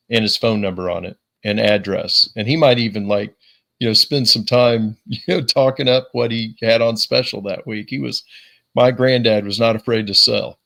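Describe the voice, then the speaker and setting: Bright-voiced enthusiastic man. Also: fairly low pitch, fairly even intonation, normal speed, gravelly. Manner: enthusiastic and affirming. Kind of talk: casual podcast chat.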